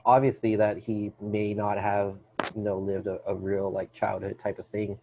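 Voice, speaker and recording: A man hosts a casual podcast chat about a film, rambling through fillers and half-finished restarts. His voice sits on the low side and comes through a dull, lo-fi recording. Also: level tone, normal speed, background noise. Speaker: podcast host. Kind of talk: casual movie discussion. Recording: dull lo-fi sound.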